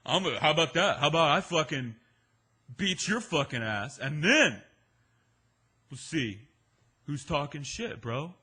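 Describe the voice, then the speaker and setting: A belligerent drunk macho guy, as a storyteller puts him on, loud, aggressive and cursing in every line. The voice is bright and a little husky, pushed up in volume and pitch. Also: sing-song, unhurried, pauses often, heavily acted. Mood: threatening.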